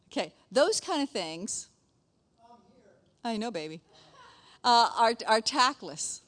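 A woman's voice: a little high, slow, pauses often. A middle-aged woman giving a casual, chatty sermon as a pastor's wife, often checking in with the listeners. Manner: chatty, animated, frequent "okay?" asides.

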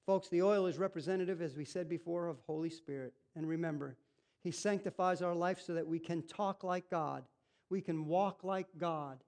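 High-voiced, emphatic male preacher. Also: normal speed. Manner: animated, repetitive, emphatic preaching with rhetorical questions. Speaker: pastor. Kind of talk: sermon.

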